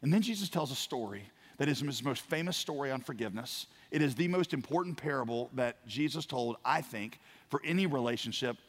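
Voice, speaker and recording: Storytelling pastor in a reverberant hall. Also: male voice, mid-range voice, animated, fairly quick. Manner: storytelling, acts out voices, swings from quiet to loud. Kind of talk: sermon.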